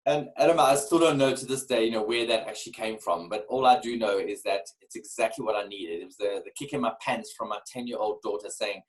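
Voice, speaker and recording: A man in his forties telling a candid personal story as a podcast guest, earnest and animated, often repeating words as he starts a phrase. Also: on the low side, quick pace, few pauses, low-quality recording. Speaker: guest, keynote speaker.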